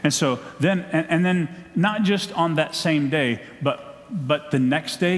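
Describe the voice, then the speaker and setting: A man with a Southern accent preaching a sermon, telling a story in an animated way and acting out the scenes. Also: on the high side, a little slow. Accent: Southern American. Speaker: pastor. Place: church sanctuary. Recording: long church hall echo.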